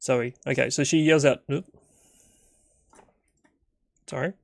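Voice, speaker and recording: Guy, young adult, game master, rambling narration with fillers, creaky voice, dry room. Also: medium pitch, fairly even intonation, slow pace, dry recording. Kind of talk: solo tabletop game narration.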